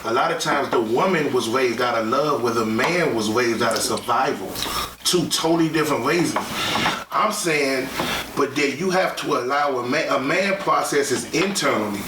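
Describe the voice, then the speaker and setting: A man lays out his point in a steady, explanatory way. He sits a little back from the mic in a roomy space, with a clear noise bed behind him. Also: medium pitch, moderate pace. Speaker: guest. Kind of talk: casual group discussion. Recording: echoey room with background clatter, far mic.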